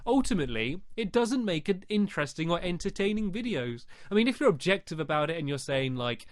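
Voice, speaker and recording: A man's voice: sits high, very animated, brisk, dry recording, clean studio sound. A man hosting a podcast, giving casual advice in a chatty, rambling way full of fillers. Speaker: podcast host.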